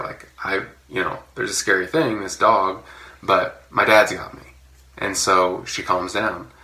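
Deep gravelly-voiced man preaching. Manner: conversational, relaxed storytelling with fillers. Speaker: pastor. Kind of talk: sermon. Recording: echoey room.

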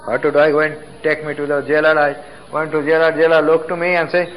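A man's voice: fairly high pitch, level tone, brisk, fairly bright tone, poor audio. A man from Nepal with a Nepali accent, preaching his testimony in fervent, broken English. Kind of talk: sermon testimony. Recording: faint hiss from an old tape.

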